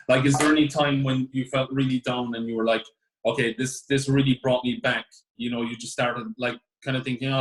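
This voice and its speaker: A man co-hosting a casual chat, talking in a rambling, enthusiastic way. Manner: rambling, enthusiastic, breaks into high laughs. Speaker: co-host. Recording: echoey room.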